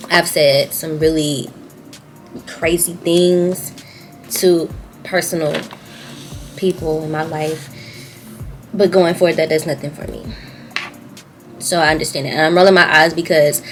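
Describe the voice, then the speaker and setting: In a rough recording, a young adult YouTuber speaks to her audience with a Southern US accent, opening up candidly and emotionally in a personal video diary. Her voice sits on the low side.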